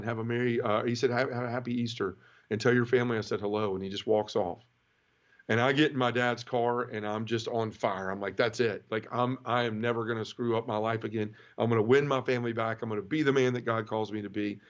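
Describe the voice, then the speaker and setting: A middle-aged man tells an emotional personal testimony, earnest and often repeating words when moved. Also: medium pitch. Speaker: interview guest. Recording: slightly dull, lo-fi.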